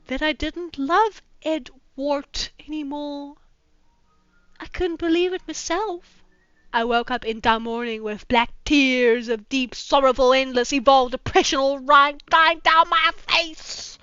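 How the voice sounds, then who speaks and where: A woman's voice: sits high, fairly bright tone, clean tone, dry recording, lo-fi sound. A woman doing a comedic dramatic reading of fanfiction, breaking off for sarcastic, swearing asides and putting on mock-dramatic voices. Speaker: streamer reading fanfiction aloud.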